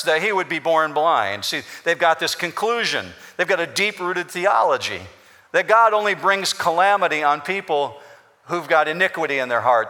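A man's voice: mid-range voice, sharp tone. A man preaching a sermon as pastor, explaining scripture in an emphatic, repetitive way in a church. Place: church sanctuary. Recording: long hall reverb.

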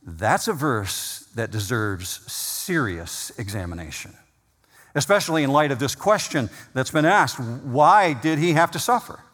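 A man's voice: medium pitch, big pitch swings, a bit bright. Emphatic preacher man in a reverberant hall. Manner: emphatic preaching, slowing and rising on key words. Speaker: pastor. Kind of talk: sermon. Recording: long reverb of a large hall.

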